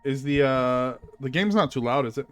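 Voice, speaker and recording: A man's voice: mid-range voice, expressive, moderate pace, fairly bright tone, no echo, faint music behind. A man streaming a video game, chatting casually with fillers and reading the game's text aloud. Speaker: gaming streamer. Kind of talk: casual let's-play commentary.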